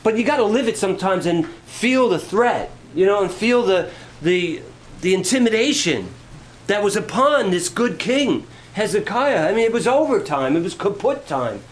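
Animated preaching man, lively pitch. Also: moderate pace, rough recording. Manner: animated, swings from quiet storytelling to rising preaching. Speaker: pastor. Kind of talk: sermon.

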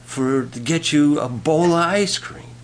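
A man's voice: a little high, unhurried, close to an everyday voice. A man voicing a stubborn elderly husband who insists he needs no notes, sounding exasperated. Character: elderly forgetful husband, stubborn and sure of himself.

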